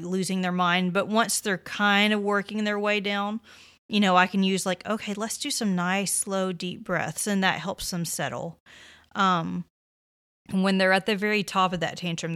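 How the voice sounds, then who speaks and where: A woman's voice: medium pitch, a bit bright, clean tone. A woman in her thirties hosting a parenting podcast, giving casual, reassuring advice with lots of "you know" and "like". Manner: conversational, reassuring, many fillers like "you know" and "like".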